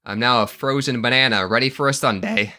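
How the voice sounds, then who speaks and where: A man hosting a comedic gameplay video, jokey and animated, often yelping and laughing at what happens on screen. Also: medium pitch, brisk, noisy background. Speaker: gaming video host.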